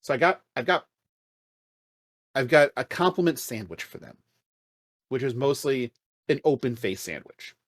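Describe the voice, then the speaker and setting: A man's voice: mid-range voice, animated, a little slow, long pauses, dry recording. A man co-hosting a casual podcast, ranting in a blunt, exasperated way with frequent swearing. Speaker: podcast co-host. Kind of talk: casual chat.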